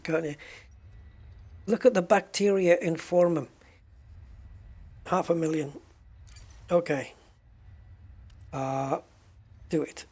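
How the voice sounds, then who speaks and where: A man's voice: fairly high pitch, slow, pauses often, darkish tone. A man chatting casually while streaming a space game, joking and exclaiming at prices. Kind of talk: casual gameplay commentary.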